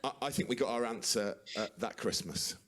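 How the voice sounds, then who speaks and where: A man, performing a stand-up routine with shouted outbursts. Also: medium pitch, fairly quick. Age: 40s. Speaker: stand-up comedian.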